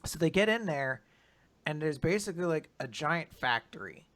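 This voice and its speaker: A man hosting a podcast, recapping comics in casual chat with animated storytelling. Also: fairly high pitch, normal speed. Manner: animated storytelling with silly voices and laughs. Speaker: podcast host.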